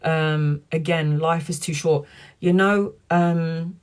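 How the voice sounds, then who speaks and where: A woman tarot reader talking earnestly to viewers on a live stream, in a chatty, warm-hearted way. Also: low-pitched, fairly even intonation, takes it slowly, clear, resonant tone. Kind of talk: live-stream spiritual talk.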